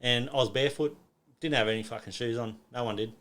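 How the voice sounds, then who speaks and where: A man's voice: mid-range voice, quick pace, fairly bright tone. A middle-aged Australian man telling a story in casual chat, acting out quotes and swearing a lot. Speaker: podcast guest.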